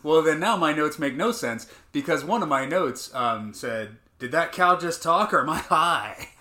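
A man with a bright, ringing voice talks through a casual movie-ranking podcast. He argues his point playfully and laughs often as he goes. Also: fairly high pitch, animated, moderate pace. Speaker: podcast co-host.

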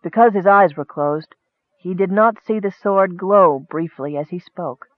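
A man's voice: sits high, a little slow, dry recording, narrow, tinny audio. Man narrating a fantasy audiobook.

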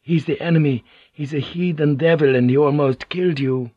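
A hard-bitten sailor snaps and barks with contempt, played by a man reading the part. He pushes his voice up and out, loud and impatient. The recording is dull and lo-fi. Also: on the high side, normal speed, no echo, pitched above the performer's own voice, close to an everyday voice. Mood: scornful. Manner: scornful, barking. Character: harsh, contemptuous male sailor.

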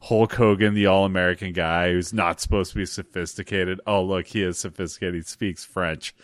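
Low and brisk, this male co-host's voice comes through with no room sound. He's in a relaxed podcast conversation, often laughing as he tells lively stories.

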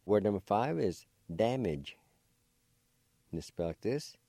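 A man hosting a radio language lesson, slowly spelling words and patiently repeating each pronunciation. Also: fairly low pitch, animated, mellow, no room sound, studio quality. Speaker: language teacher and radio host. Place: radio studio.

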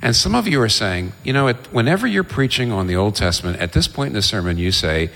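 A man preaching a sermon, telling Bible stories in an animated way and acting out the characters' exchanges. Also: lowish voice, fast talker, gravelly. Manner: animated storytelling, voices the biblical figures. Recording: long reverb of a large hall.

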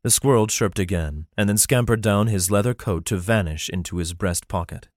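A man narrating a fantasy novel in a steady, even storytelling manner. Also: fairly low pitch, moderate pace, no room sound, clean studio sound. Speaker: audiobook narrator.

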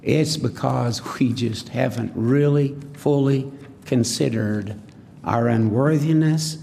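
A man's voice: medium pitch, slow, vocal fry, warm tone, in a large hall, a little hiss or hum. A man preaching a sermon in a folksy way, often asking the congregation questions.

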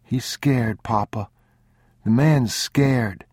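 A man's voice: medium pitch, drawn-out words, a little mellow, slightly rough, no echo, studio quality, pitched above the performer's own voice. A man doing an earnest, pleading young boy.

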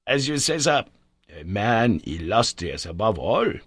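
Narrator doing a polite earnest scholar, slow and kinda husky. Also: male voice, on the low side, very animated, no echo, clean studio sound, heavily acted. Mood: courteous. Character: worthy, earnest male Icelandic scholar.

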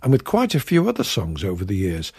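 Wry, raspy male comedian host. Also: low-pitched, wildly swooping pitch, brisk, a little mellow, no room sound, studio quality. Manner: wry, confiding and self-mocking. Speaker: comedian and radio show host. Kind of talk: scripted comic monologue to audience.

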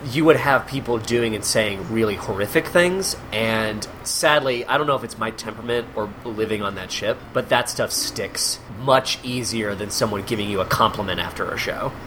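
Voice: medium pitch, moderate pace, hardly any pauses, noisy background. A guest who performs improv on cruise ships, telling stories in casual chat and acting out the people in them. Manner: animated storyteller, acts out quoted people, laughs often.

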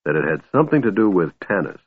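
A man voicing a gruff, snappish old male dwarf in an audiobook, proud and grumbling. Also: low-pitched, very animated, fast, dry recording, narrow, tinny audio, exaggerated voice. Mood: bitter.

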